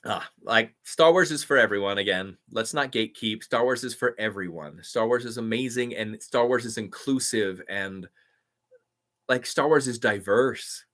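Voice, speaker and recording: A man hosts a live stream Q&A, answering chat with enthusiastic, rambling fan talk packed with fillers. His voice is mid-range, a bit bright, at normal speed.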